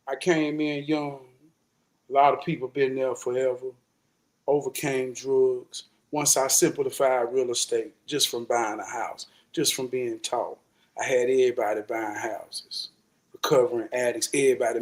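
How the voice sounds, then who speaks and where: A man hosting a talk show, telling a real-life story in an emphatic, profane way that climbs into shouting. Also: medium pitch, steady tone, measured pace. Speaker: host.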